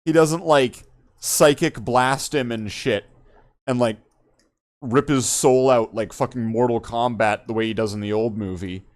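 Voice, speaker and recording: A man's voice: medium pitch, a little slow. A man hosting a podcast in casual chat, rambling and joking, swearing freely. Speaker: podcast host.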